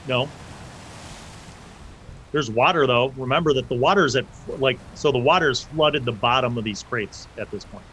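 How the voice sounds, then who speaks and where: A man's voice: medium pitch, sharp tone, rough recording. A young man running a tabletop game as game master, narrating loosely with fillers and restarts. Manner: loose, casual, halting with fillers. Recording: faint background noise.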